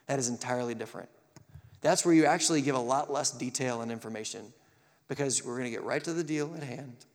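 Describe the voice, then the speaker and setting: A man preaching a live sermon, animated and acting out the quotes and stories he tells. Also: medium pitch, quick pace, in a large hall.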